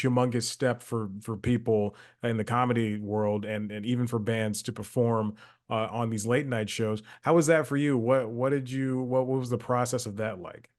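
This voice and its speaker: A man with a mid-range voice hosts a relaxed interview. He asks loose, halting questions and laughs easily. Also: medium pitch. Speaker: interviewer host.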